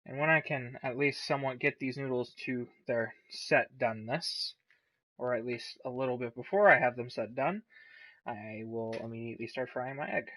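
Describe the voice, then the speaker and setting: A man's voice: mid-range voice, moderate pace, a bit bright. A man hosting a casual cooking vlog, rambling and swearing as he talks through each step. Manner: rambling, profane, chatty.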